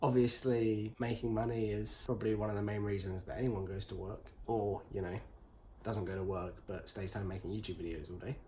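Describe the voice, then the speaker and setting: A man's voice: on the low side, steady tone, fairly quick, dark tone, slight background noise. Teasing young English man, chatty. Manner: dry, joking and teasing. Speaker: interviewee, husband. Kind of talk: casual chat.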